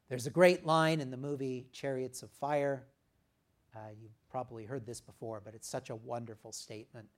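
A male pastor delivering a sermon, reading scripture and then explaining it conversationally with occasional "uh" pauses, rising for emphasis and dropping soft at the ends of phrases. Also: medium pitch, fairly even intonation.

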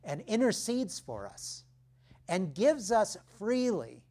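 A man preaching a sermon, emphatic, dropping his voice low for key phrases. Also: very animated, mellow. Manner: slow, emphatic preaching with dramatic drops in volume.

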